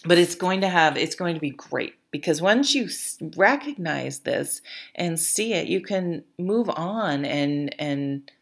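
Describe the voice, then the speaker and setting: A woman's voice: lowish voice, lively intonation, measured pace, vocal fry. A woman giving a casual tarot reading, chatty, with lots of fillers and restarts, and now and then laughing at her own stories. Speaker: tarot reader.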